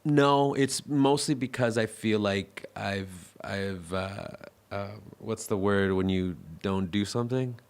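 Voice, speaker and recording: A man's voice: on the low side, takes it slowly, few pauses, clean tone. A young man co-hosting a podcast, talking casually in a rambling, self-mocking way full of "like". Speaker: podcast co-host. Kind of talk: casual chat.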